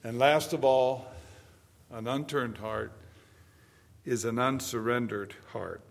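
An older man in his seventies delivers a sermon at a slow, measured pace. He drifts from hushed personal stories to loud, emphatic declarations, and his voice rings with long reverb through a church hall. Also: medium pitch, steady tone. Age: 70s. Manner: impassioned, swinging from soft storytelling to loud emphatic preaching. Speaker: preacher.

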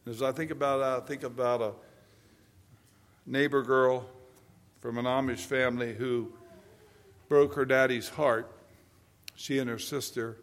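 An older man preaching a sermon, moving between hushed personal stories and loud, emphatic preaching. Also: mid-range voice, steady tone, unhurried, long pauses. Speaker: pastor.

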